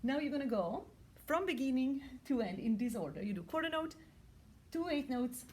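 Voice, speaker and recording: A woman's voice: high voice, animated, moderate pace, a little mellow, a little hiss or hum. A woman teaching music, talking through how to count rhythms and chanting the beats aloud.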